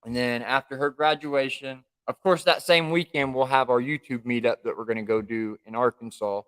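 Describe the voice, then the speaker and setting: A man with a smooth, resonant voice at an ordinary pitch, chatting casually on a live stream from home. He talks in a relaxed, rambling way, often circling back and trailing off. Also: moderate pace. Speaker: livestream co-host.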